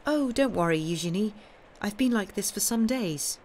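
Woman reading as a shy young lady, timid, soft-spoken, storybook. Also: mid-range voice, expressive, moderate pace, slight background noise, pitched above the performer's own voice, lightly acted. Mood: reassuring.

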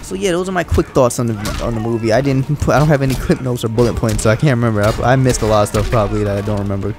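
A young man hosting a casual let's-play, chatting excitably with frustrated outbursts. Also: medium pitch, racing. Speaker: gaming channel host. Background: game music and sound.

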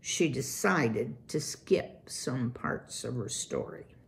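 A woman reading a children's chapter book aloud, calm and unhurried. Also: very deep voice, gravelly.

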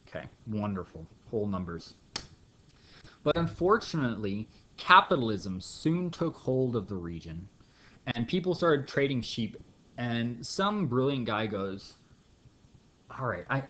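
A man's voice: medium pitch, highs cut off. A man teaching a math lesson in a playful, jokey storytelling way, acting out little scenes. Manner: playful storytelling with acted bits. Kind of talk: jokey classroom lecture.

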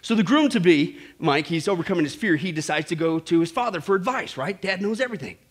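A man's voice: high voice, lively intonation, fast, breathy edge. A man preaching a sermon, telling a story with lots of "listen" and "right?" asides. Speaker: pastor.

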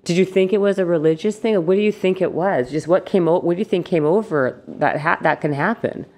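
Low-voiced woman asking rambling questions. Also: a little mellow. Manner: halting, rambling questions with many restarts. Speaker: podcast host. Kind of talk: conversational interview.

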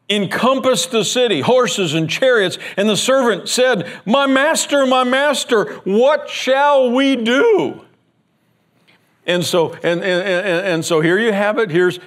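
A man preaching a sermon as pastor, telling a Bible story with lively acted-out lines, repeating words as he goes, and sinking into a hushed prayer. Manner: animated storytelling, acting out the scared servant in a high strained voice; drops to a hushed, low prayer.

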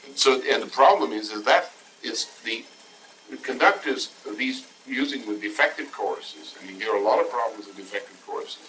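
Male lecturer, rambling and digressive, bright edgy voice. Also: medium pitch, moderate pace, slight background noise, poor audio. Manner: rambling, jumps between half-finished thoughts. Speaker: speaker in a recorded talk. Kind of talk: loose spoken lecture.

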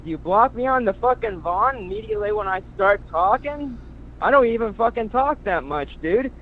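Male caller, high voice, phone-line sound, mocking and combative.

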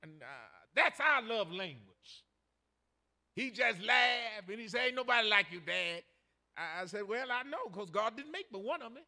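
Bright high-voiced older pastor preaching. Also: male voice, animated, moderate pace. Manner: folksy storytelling, rising to shouted emphasis. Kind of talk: sermon.

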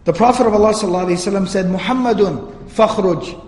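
A man with a high-pitched, darkish voice races through a religious history lecture, earnestly telling the story and reciting Arabic passages. The recording has echoey hall reverb.

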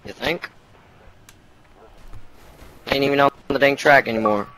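A man's voice: medium pitch, unhurried, pushed and bright, rough recording. A man in an online game voice chat, reacting with bewildered exclamations. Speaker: player in voice chat.

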